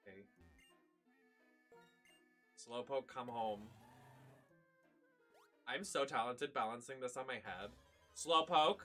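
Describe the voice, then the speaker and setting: Male streamer, animated and bright-toned, swears freely, yells with glee, soft game music underneath. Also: medium pitch. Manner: excitable, profane, shrieks when thrilled. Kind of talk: live gameplay commentary. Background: faint game music.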